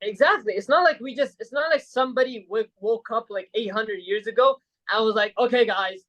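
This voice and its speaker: With a rough recording, a high-pitched, slightly bright voice comes across a little fast. This Saudi podcast guest tells his story in casual, rambling fashion, leaning heavily on fillers like "like" and tag questions like "right?".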